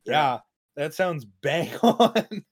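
A man's voice: on the high side, big pitch swings, drawn-out words, dry recording, studio quality. A man in casual podcast banter, blunt and swearing freely. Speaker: podcast co-host.

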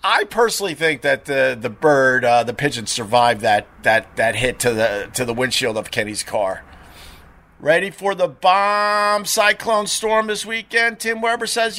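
A middle-aged man with a bright, forceful voice pitched a bit high, hosting a live stream. He tells chatty, rambling anecdotes, full of "uh"s and restarts. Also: a little slow. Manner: chatty, animated anecdotes with frequent fillers and restarts. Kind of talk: casual rambling storytelling.

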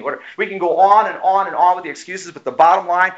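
A man preaching a sermon as pastor, emphatic and animated, acting out the voices he quotes. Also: sits high, quick pace, few pauses. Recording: muffled lo-fi sound.

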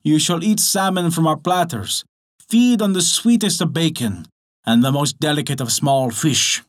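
A man's voice: a little high, moderate pace, pitched above the performer's own voice, lightly acted. A man voicing a crafty old Sami witch woman in a storybook reading, coaxing and drawn out. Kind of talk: storybook narration.

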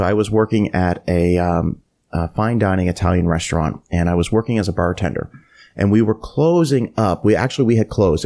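A man co-hosting a podcast, telling a personal story in a casual, animated way and acting out what people said. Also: lowish voice. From Florida. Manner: animated anecdote-telling, acts out quoted lines. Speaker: podcast co-host.

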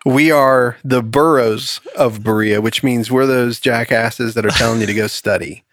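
Animated male podcast host, dry close mic. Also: medium pitch, normal speed, no room sound. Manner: animated storytelling, acts out characters. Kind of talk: casual Bible study chat.

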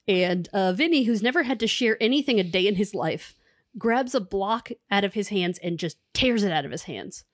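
A woman in her thirties co-hosting a podcast, telling a lively story in casual chat and acting out what people said. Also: mid-range voice, moderate pace, no echo, clean studio sound. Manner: animated storyteller, acts out quotes. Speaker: podcast co-host.

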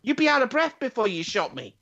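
A man chats on a podcast in a loose, rambling way, full of swearing and false starts. His pitch swings widely as he talks. The sound is dull and lo-fi. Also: very animated, fairly quick, vocal fry, sharp tone. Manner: rambling, swears, lots of restarts. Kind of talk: casual chat.

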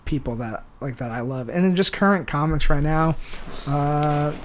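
A stand-up comedian talking shop as a podcast guest. He is a man from San Diego whose voice sits a touch high for a man. He rambles loosely, leans on filler words and restarts his sentences, and a faint hum of noise sits underneath. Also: moderate pace. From San Diego, USA. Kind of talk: casual podcast chat.

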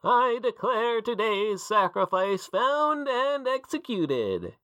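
A man voicing a creepy male cult leader in a mascot costume, who talks in a mocking, theatrical, drawn-out way. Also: high voice, sing-song, bright, forceful tone, no room sound, studio quality, voice pushed up, exaggerated voice. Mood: gloating.

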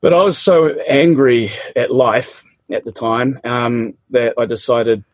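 Middle-aged Kiwi man, husky, dry close sound, lively colloquial storyteller. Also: mid-range voice, takes it slowly, dry recording. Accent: New Zealand. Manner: animated, laughs often, colloquial. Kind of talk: casual personal storytelling.

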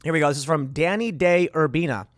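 A man's voice: on the high side, quick pace, dry recording, studio quality. A man from Chicago hosting a political commentary show, reacting to news clips with sarcastic, indignant remarks.

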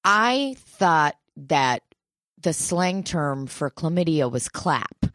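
Young woman, low voice, crude and animated storyteller, dry recording. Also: slow, dry recording. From St. Louis area. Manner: profane, laughing, animated retelling. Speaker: guest storyteller.

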